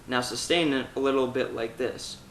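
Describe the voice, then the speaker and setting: A man's voice: medium pitch, steady tone, moderate pace, echoey room, a little hiss or hum, low-quality recording. A man teaching a vocal technique lesson, talking through exercises step by step. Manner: demonstrates exercises with loud sung vowels and meows. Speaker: singing teacher.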